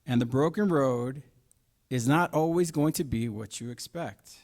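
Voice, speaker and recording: His voice sits in the mid range and moves at a measured pace as the middle-aged preacher works through his sermon. Rhetorical questions punctuate it, and he shifts from quiet side remarks to loud emphasis.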